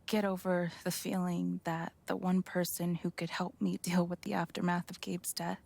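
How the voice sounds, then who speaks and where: An actress voicing a grieving widow in a video game who speaks in a subdued, hesitant way with a gravelly voice. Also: female voice, lowish voice, flat delivery, moderate pace, a little mellow. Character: grieving widowed woman, weary and torn.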